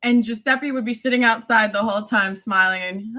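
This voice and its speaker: A woman talking to friends in a rambling, animated monologue, laughing often and swearing casually. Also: a little high, fairly quick. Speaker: vlogger addressing family friends.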